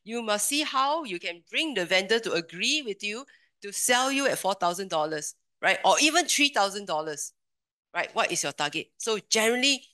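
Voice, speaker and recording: Quick-talking woman leading a workshop. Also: medium pitch, bright, forceful tone. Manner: asks the room questions, quick conversational delivery. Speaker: workshop presenter. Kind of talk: workshop lecture.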